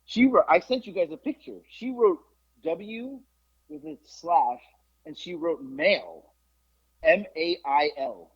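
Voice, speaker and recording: A man's voice: slow pace, breathy edge. A man co-hosting a podcast, telling a casual story with swearing and acted-out quotes. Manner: animated, swears, quotes people in lowered voices. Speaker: podcast co-host. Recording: muffled lo-fi podcast audio.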